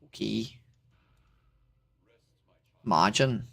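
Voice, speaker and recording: A streamer with an Irish accent chats casually with strangers on a livestream, rambling with plenty of filler words and swearing. His voice is lowish, creaky and fairly bright, and he speaks very slowly.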